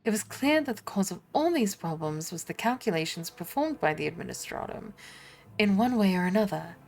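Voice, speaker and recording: A woman's voice: medium pitch, animated, brisk, vocal fry, a little mellow. A woman voicing a proud, weary noblewoman in a game, speaking formally and defiantly. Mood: earnest.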